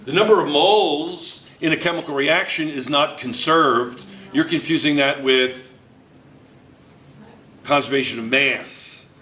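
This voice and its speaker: Chemistry teacher, man, bright and a bit high, playful, repeats key phrases. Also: a little slow, roomy sound. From United States. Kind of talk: classroom teaching. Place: classroom.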